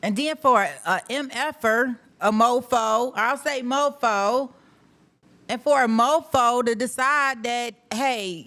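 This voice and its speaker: A woman's voice: on the high side, fairly bright tone. Emphatic, exasperated woman host ranting. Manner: emphatic, exasperated, repeats "how dare you", swears. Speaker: host of live trial coverage. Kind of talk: heated casual rant.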